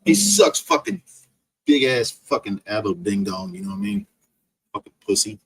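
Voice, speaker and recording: A man's voice: on the low side, sing-song, moderate pace, husky. A man streaming an angry, profane rant full of insults. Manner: profane, insult-laden ranting.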